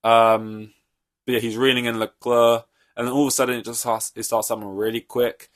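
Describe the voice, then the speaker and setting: A man's voice: mid-range voice, flat delivery, fairly quick, dry recording, studio quality. A young man hosting a solo podcast, reacting to a race in an offhand, rambling way, swearing freely. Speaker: podcast host.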